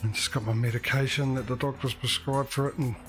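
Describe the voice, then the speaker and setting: A man's voice: medium pitch, steady tone, fast, fairly bright tone. Breathless man chatting over game music. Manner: chatty, rambling, talks to chat. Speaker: streamer. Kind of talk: casual gameplay commentary.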